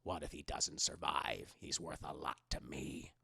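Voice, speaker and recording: A man voicing a gruff, terse male bounty hunter with a gravelly, low, clipped voice. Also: bright, forceful tone, dry recording, exaggerated voice. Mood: menacing. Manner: slow, half-whispered menace.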